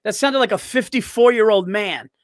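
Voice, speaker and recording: High-voiced man telling rambling stories. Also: moderate pace, noisy background. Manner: rambling storyteller who laughs at his own old jokes. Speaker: stand-up comedian. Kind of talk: casual podcast chat.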